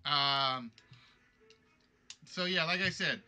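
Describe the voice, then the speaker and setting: A man's voice: medium pitch, animated, moderate pace, bright, forceful tone, soft background music. A man hosting a live-streamed game show from home, thinking aloud and rambling as he chats. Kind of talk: casual live-stream chat.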